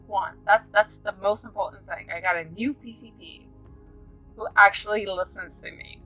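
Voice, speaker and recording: A woman's voice: mid-range voice, moderate pace, husky, soft background music, poor audio. Chatty woman vlogger from Africa. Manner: chatty, rambling, with sudden excited outbursts. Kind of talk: casual monologue vlog.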